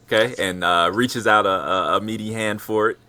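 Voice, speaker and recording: A man narrating as game master of a tabletop role-playing game, talking with many fillers and pauses. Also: lowish voice, steady tone, sharp tone. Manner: hesitant, many fillers, voices a gruff ship captain in quotes.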